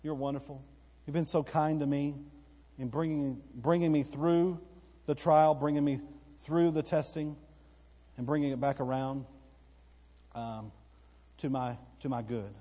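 A man preaching a sermon to his church, telling a story that rises into excited bursts. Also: on the high side, measured pace, pauses often. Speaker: pastor. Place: church sanctuary. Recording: long reverb of a church hall.

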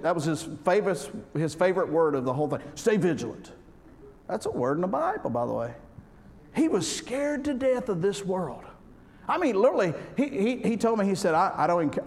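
A man preaching a humorous sermon, folksy and joking, swinging between loud and soft. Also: high voice, expressive, a little fast. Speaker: pastor. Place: church sanctuary. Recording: reverberant hall with faint background noise.

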